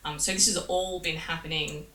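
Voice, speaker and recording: Woman host, very low but crisp and forceful voice, echoey distant mic. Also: fairly even intonation, normal speed. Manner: long setup questions, hedging aloud. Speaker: interviewer. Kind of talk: interview questions. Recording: roomy echo, distant mic, faint hiss.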